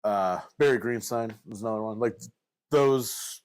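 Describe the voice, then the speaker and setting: A man's voice: lowish voice, unhurried, clean tone. A young man hosting a casual poker podcast, easygoing and full of fillers as he guides the segments. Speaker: podcast host running segments.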